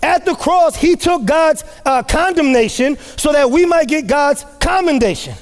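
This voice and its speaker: A man preaching a sermon as pastor to his church, impassioned and rising to shouts, repeating phrases for emphasis. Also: very high-pitched, animated, moderate pace. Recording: long hall reverb.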